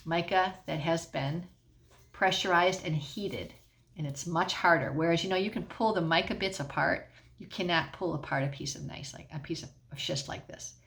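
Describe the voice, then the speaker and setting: A woman's voice: fairly low pitch, normal speed, gravelly, a bit bright. A middle-aged woman teacher explaining a science lesson at home in a patient way, often checking in with the class.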